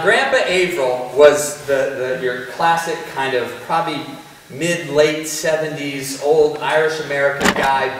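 A man giving a keynote speech, telling a story in an animated way, laughing often and repeating words. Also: medium pitch. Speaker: keynote speaker. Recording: echoey hall, mic from a distance, faint noise.

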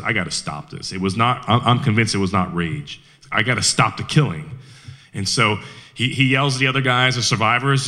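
Man with a low, forceful voice. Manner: animated, with rhetorical questions and frequent restarts. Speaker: speaker at a Veterans Day event. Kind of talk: storytelling history talk.

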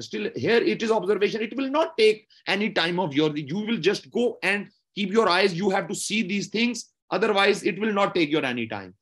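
This man's voice is fairly high, a bit bright and slightly husky, with lots of rise and fall as he teaches medical exam steps. His manner is explanatory and repetitive, peppered with frequent "okay?" checks for understanding.

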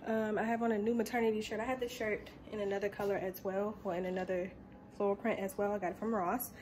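A woman's voice: medium pitch, little pitch movement, fast talker, darkish tone, slight background noise. A young woman chatting casually to her viewers in a vlog, bubbly and talkative, filmed on a handheld phone. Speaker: vlogger.

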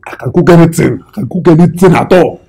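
A man's voice: on the high side, quick pace, vocal fry, warm tone, husky. A man with a Nigerian accent playing a boastful young cook interviewing for a job, rambling and mixing in Pidgin. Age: 20s.

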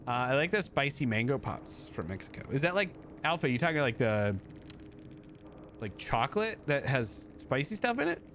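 A man's voice: very animated, moderate pace, fairly bright tone, slight background noise. A man hosting a live stream, chatting casually and rambling as he reads and answers his chat. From United States. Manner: chatty and rambling, jumping up high when thanking viewers.

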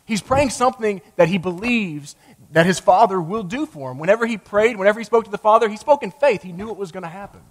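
A man preaching a sermon with passion, rising to loud emphatic peaks and dropping to a low, quiet voice, sometimes acting out quoted lines. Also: fast talker. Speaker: pastor.

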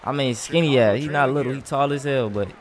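A man gives excitable, trash-talking commentary while playing a basketball video game, swearing often. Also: mid-range voice, a little fast, some chatter behind. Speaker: gaming streamer. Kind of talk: casual gameplay commentary.

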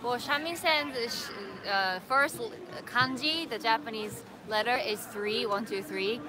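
A woman chiming in on a casual outdoor livestream, speaking in a halting way and searching for words. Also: on the high side, noisy background. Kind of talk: casual live-stream chat. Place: outdoors in a park.

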